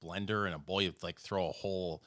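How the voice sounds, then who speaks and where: A man with a low-pitched yet bright, forward voice, recorded close and dry. He delivers his jokes deadpan and teases his co-host in a relaxed podcast chat. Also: brisk, no room sound. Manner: dry, deadpan teasing humor.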